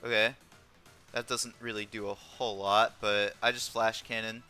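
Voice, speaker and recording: Bright, crisp-voiced young man calling a game. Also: lowish voice, flat delivery, normal speed, soft background music. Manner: thinks aloud with frequent ums. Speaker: competitive game player. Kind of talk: live gameplay commentary.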